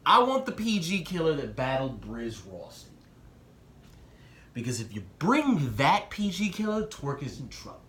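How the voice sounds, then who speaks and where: A young man in a casual vlog giving excited predictions and talking straight to the people he discusses. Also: reverberant. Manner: excitable, talks straight to the rappers, jumps in pitch. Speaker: battle rap commentator.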